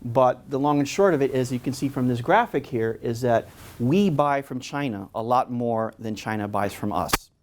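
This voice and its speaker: A man from New York with a New York accent, giving a history lecture, speaking fast with frequent filler "uh"s. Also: mid-range voice. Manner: fast-talking, many filler uhs. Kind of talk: public lecture.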